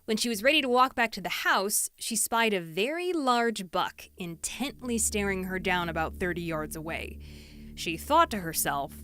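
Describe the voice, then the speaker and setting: Lively bright-voiced woman storyteller. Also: mid-range voice, moderate pace. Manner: playful, voices quoted people with big swings. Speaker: storytelling YouTuber. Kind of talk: animated comedic storytelling.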